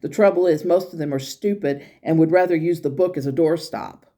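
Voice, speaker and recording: A woman's voice: low-pitched, brisk, dark tone. A woman voicing a blunt, loving grandmother spirit. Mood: indignant. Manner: frank and blunt, with affectionate asides.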